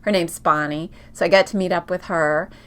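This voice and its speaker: Her voice sits on the low side, smooth, steady and a bit bright at normal speed. A middle-aged woman co-hosting a laid-back quilting chat, she rambles through long travel stories with plenty of fillers and restarts.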